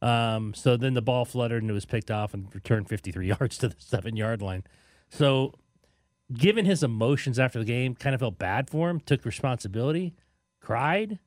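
A man's voice: mid-range voice, lively intonation, moderate pace, dry recording, studio quality. Man arguing grades on a sports show. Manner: conversational, argues his grades with rhetorical questions. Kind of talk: casual sports talk.

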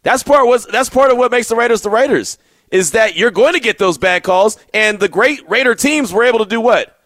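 Here a man with a very high-pitched voice hosts sports talk radio, talking a little fast. He tells animated stories, frequently repeating words, and there's no echo.

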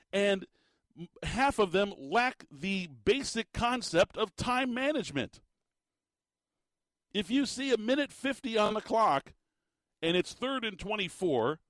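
Man, sports commentator, fairly high voice, dry close sound, exasperated rant full of emphatic rhetorical questions. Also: fairly bright tone, dry recording.

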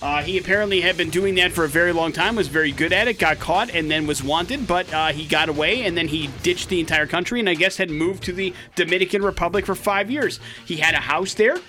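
A man's voice: high voice, a little fast, few pauses, bright, forceful tone, soft background music. A man hosting a morning radio show, telling a news story in a chatty, wry way. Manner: chatty and wry, with a dry joking aside. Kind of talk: casual radio banter, storytelling a news item.

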